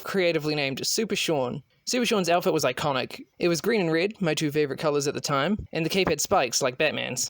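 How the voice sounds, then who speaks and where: A man's voice: fairly high pitch, no echo. A young man giving a wry, comedic voice-over narration for an animation video. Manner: wry, dry humor. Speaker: animation YouTuber.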